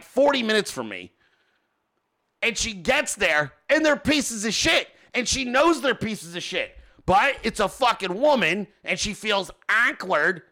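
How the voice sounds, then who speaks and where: High, bright-voiced man ranting. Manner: animated, exasperated, heavy cursing. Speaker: podcast host. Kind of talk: profane storytelling rant.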